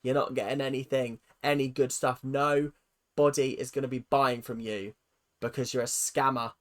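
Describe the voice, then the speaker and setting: A woman with a British accent hosting a reaction video, ranting in an animated, sarcastic and exasperated way. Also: a bass voice, moderate pace.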